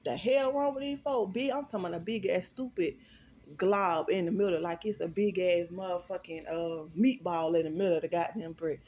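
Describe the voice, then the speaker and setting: Animated, swearing woman telling a story. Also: lowish voice, a little fast. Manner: animated, profane and emphatic. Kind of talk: storytime vlog.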